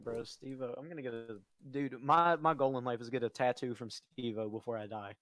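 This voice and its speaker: A man's voice: medium pitch, fairly even intonation, a little fast, a bit bright, dry recording. A young man co-hosting a casual late-night podcast, rambling through stories with lots of fillers and laughing often. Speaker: podcast co-host.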